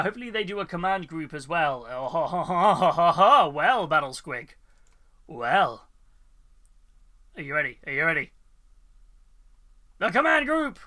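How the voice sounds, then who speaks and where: A man's voice: a little high, sharp tone. A man hosting a casual hobby live stream, chatting loosely with many fillers and frequent laughs.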